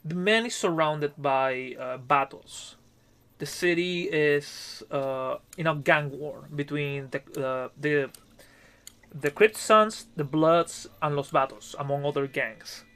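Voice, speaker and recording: A man's voice: on the high side, takes it slowly, fairly bright tone, smooth. A man acting as game master, narrating a tabletop horror game in a conversational way, with fillers and asides. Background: faint music.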